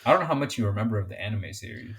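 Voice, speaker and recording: A man co-hosting a podcast in casual chat, excitable and swearing freely, often getting loud. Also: lowish voice, racing. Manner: excitable, swears a lot, gets loud and animated. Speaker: podcast co-host.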